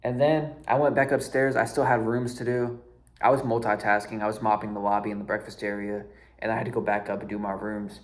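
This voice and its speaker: A man's voice: lowish voice, level tone, a little fast. A young man casually telling a story to his viewers, exasperated and slangy, peppering his talk with filler words and swearing freely. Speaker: storyteller vlogger.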